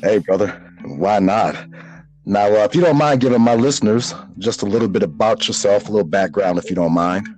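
A man's voice: lowish voice, fairly quick, a little mellow, poor audio. A man hosting a podcast in a laid-back, joking way, repeating his phrases and laughing often. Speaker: podcast host. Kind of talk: casual podcast chat.

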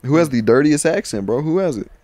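A man's voice: on the high side, fast, dry recording. A man co-hosting a podcast, talking in loose, profane, joking banter. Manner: loud, joking, profane, animated. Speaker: podcast co-host.

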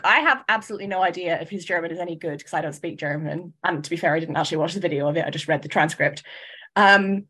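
A woman from the UK co-hosting a podcast, talking in a thoughtful, measured way with frequent hedges and restarts. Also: lowish voice, fairly bright tone. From United Kingdom. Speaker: podcast co-host. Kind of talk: casual chat.

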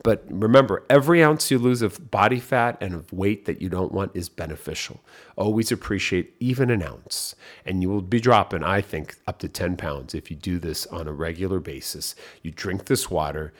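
A man hosting a podcast, giving an upbeat motivational coaching talk and repeating his key phrases. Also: low voice. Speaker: podcast host.

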